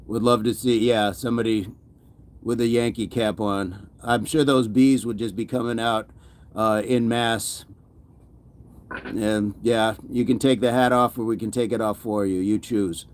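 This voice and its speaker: A man hosting a fitness livestream, upbeat and chatty, reading viewer comments, greeting people by name and laughing often. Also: fairly low pitch.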